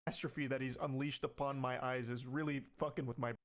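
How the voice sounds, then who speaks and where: A man's voice: medium pitch, level tone, a little fast. A man giving sarcastic, incredulous commentary, reading and mocking text messages. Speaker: online commentator.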